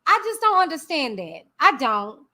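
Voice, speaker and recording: High, lively woman ranting on a stream. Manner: dismissive, sassy, drawn-out talk with frequent laughs. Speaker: channel host. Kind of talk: casual livestream rant.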